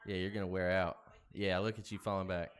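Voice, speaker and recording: A man co-hosting a podcast in casual chat, excitable and loud when cheering on races. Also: low voice, fairly quick, smooth. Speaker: podcast co-host.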